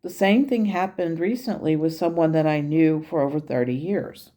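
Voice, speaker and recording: A woman with a low, mellow voice recounts her meditation dialogue. Her telling is candid and conversational, like casual storytelling. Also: normal speed. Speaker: meditation channel host.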